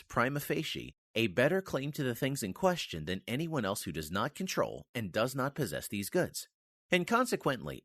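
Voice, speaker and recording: Lively, emphatic man reading. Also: mid-range voice, no room sound, studio quality. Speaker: reader of a history book. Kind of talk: formal reading of a nonfiction text.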